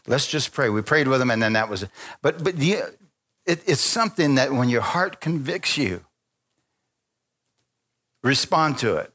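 A man's voice: medium pitch, normal speed. A middle-aged man preaching a sermon, telling personal stories and acting out the voices in them. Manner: animated storytelling, acting out voices. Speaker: pastor.

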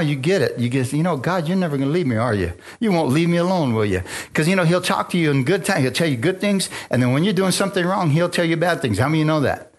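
A man preaching a sermon, calling out to the congregation with frequent amens and hallelujahs and easy laughter. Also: medium pitch. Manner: call-and-response, lively preaching with laughs. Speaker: pastor. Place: church sanctuary.

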